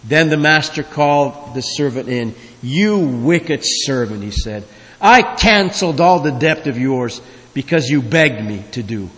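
A man's voice: medium pitch, lively intonation, unhurried, a bit bright. A man preaching a sermon as pastor, emphatic, with his voice swelling and dropping. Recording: long reverb of a large hall.

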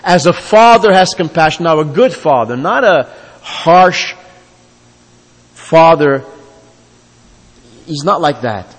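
A man preaching a sermon as pastor, emphatic, with his voice swelling and dropping. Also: fairly high pitch. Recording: long reverb of a large hall.

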